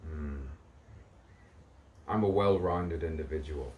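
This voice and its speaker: A man's voice: very deep voice, takes it slowly, a little mellow, far from the mic, a little hiss or hum. A man outdoors delivering a rambling spoken-word monologue, repeating phrases and playing with rhyming words. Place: outdoors in the sun.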